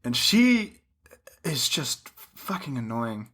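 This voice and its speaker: A very animated young man co-hosts a podcast in a mid-range voice with a sharp tone, taking his time. It's casual chat full of free swearing, frequent laughter, and acted-out lines.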